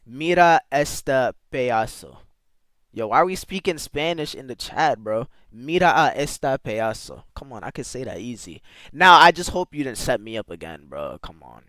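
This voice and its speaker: A man's voice: medium pitch, very animated, brisk, few pauses, bright, forceful tone, no room sound. A man streaming live, chatting casually with his viewers and playfully sounding out foreign words. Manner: talks to chat with slangy asides.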